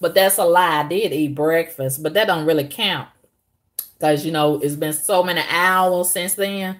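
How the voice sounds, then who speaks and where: A woman, chatting casually to her viewers, lively and acting out both sides of conversations. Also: fairly low pitch, normal speed. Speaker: vlogger.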